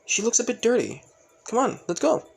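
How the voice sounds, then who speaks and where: A man's voice: extremely high pitch, very animated, a little fast, creaky, husky, pitched above the performer's own voice, exaggerated voice. A man reading aloud, voicing a kind, caring teenage girl in a cheerful, fussing way.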